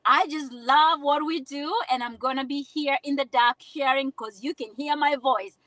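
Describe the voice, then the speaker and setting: A woman's voice: high-pitched, normal speed, fairly bright tone, dry recording, rough recording. A Kenyan woman in her forties, a guest telling her personal story in an earnest way on a live stream from her car. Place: in a car at night.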